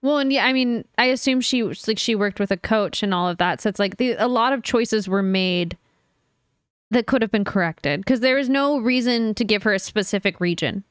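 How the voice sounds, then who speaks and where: A woman's voice: fairly high pitch, moderate pace, clear, resonant tone, no echo. Emphatic young woman, dry close mic. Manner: opinionated, emphatic, casual swearing. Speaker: podcast co-host. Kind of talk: casual chat.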